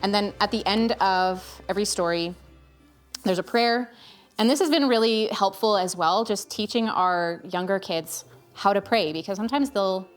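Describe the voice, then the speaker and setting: A woman in her thirties speaks to camera as a parent in a casual review vlog, earnestly and chattily recommending gifts. Her voice is mid-range at a moderate pace, with faint music playing behind her.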